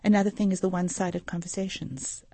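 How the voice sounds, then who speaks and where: A woman's voice: lowish voice, fairly even intonation, fast, creaky, dark tone, no room sound. A middle-aged woman from Africa, a social worker explaining earnestly as a radio interview guest. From South Africa. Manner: earnest, explanatory, gives anecdotes.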